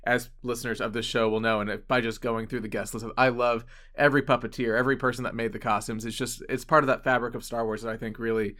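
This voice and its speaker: A man's voice: medium pitch, little pitch movement, fast talker, few pauses, a bit bright. A man hosting a podcast, chatting casually with his guest. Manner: brief affirming interjections. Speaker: podcast host. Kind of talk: casual interview chat.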